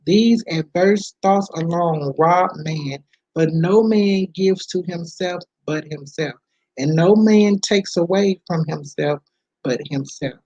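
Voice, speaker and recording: Slow husky woman reading aloud. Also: low voice, dark tone, no echo, highs cut off. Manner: unhurried read-aloud with casual asides. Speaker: book reader. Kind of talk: reading a self-help book aloud.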